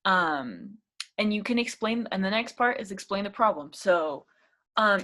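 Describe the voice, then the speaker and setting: A young woman talks through an English speaking lesson in a relaxed, chatty way. She encourages the viewer warmly and fills her sentences with easy fillers. Her pitch sits in a middle range. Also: a little slow. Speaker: English teacher. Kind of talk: casual spoken lesson.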